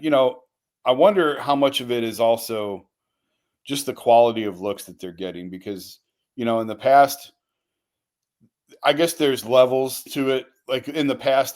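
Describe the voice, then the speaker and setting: A man who writes about sports, talking in an easygoing way as a guest on a talk show. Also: on the low side. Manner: easygoing, hedging with fillers.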